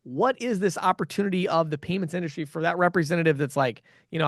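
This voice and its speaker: A man hosts the interview in a quick, chatty, upbeat way, his fairly high voice running fast through each question. The sound is dry and close. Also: expressive, no echo. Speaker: interview host. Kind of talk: casual interview hosting.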